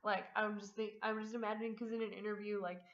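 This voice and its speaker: A woman's voice: medium pitch, little pitch movement, fast talker, a bit bright. A woman guest in a casual podcast chat, talking loosely with lots of fillers and restarts. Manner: chatty, many likes and restarts. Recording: echoey room, dull, faint hiss.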